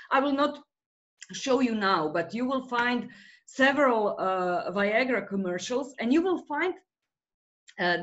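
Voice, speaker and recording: A woman's voice: mid-range voice, muffled recording. A woman being interviewed as a researcher, explaining her ideas thoughtfully with frequent hesitations. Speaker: guest researcher in rhetoric. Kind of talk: academic interview.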